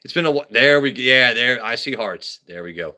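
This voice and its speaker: A man's voice: mid-range voice, expressive, a little fast, bright, forceful tone. A man hosting a casual comedy livestream, rambling and riffing with stammered restarts. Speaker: livestream host.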